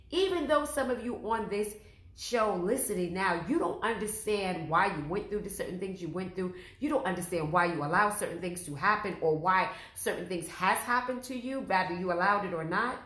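A woman's voice: mid-range voice, a bit bright, roomy sound. A woman hosting a faith podcast, sharing her personal testimony earnestly and speaking straight to her listeners. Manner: earnest, direct address to listeners. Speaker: podcast host.

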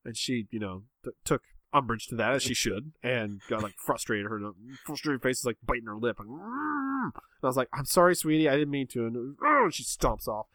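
Man, casual chat, self-mocking, rambling, bright tone, dry close sound. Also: medium pitch, a little fast, no echo. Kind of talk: casual chat, telling a story.

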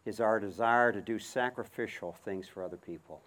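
Middle-aged male preacher working a horse, calls commands, then turns quiet and reflective. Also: on the low side, fairly quick, hardly any pauses. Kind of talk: outdoor sermon with horse demonstration.

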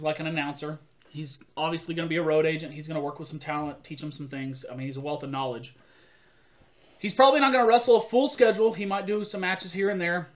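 A man chatting casually as a podcast host, an animated storyteller who acts out quotes and laughs often. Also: a little high. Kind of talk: casual chat.

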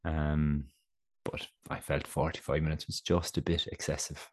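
Stuffed-up deep-voiced man chatting. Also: flat delivery, normal speed. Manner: chatty storyteller, laughs often. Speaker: podcast co-host. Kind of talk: casual chat.

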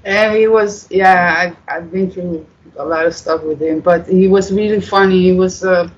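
A guest from the Netherlands, telling stories in a casual, halting way, full of fillers and swearing. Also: medium pitch, fairly even intonation, dull audio. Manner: rambling, halting, many fillers, swears freely. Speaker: interview guest. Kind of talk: casual storytelling.

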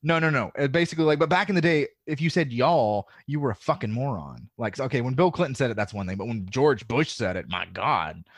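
A man's voice: medium pitch, animated, brisk, few pauses, no room sound. A man from the American South with a faint Southern drawl, talking as a podcast guest in a rambling, filler-heavy way and swearing freely. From Southern United States. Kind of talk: casual podcast chat.

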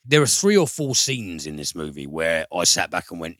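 A man's voice: low voice, sing-song, normal speed, hardly any pauses, fairly bright tone, dry recording. A man reviewing a film in casual chat, rambling and profane, with frequent fillers and restarts.

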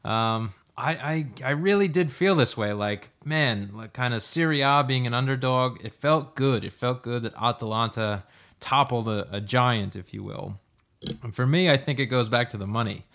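A man co-hosting a casual sports podcast in an easygoing way, pausing often on "uh". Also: medium pitch, fairly bright tone. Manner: easygoing, hesitant with many "uh"s. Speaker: podcast co-host.

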